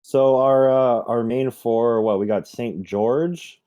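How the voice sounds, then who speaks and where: A man co-hosting a podcast, laid-back and deadpan in casual chat. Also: mid-range voice, slow pace. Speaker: podcast co-host.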